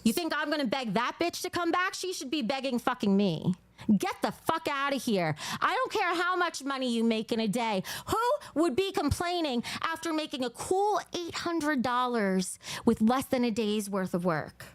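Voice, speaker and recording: A woman's voice: high-pitched, very animated, moderate pace, dry recording. A woman with a New Jersey accent hosting a casual livestream, blunt and profane at times and gushing over viewers' donations. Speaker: livestream host.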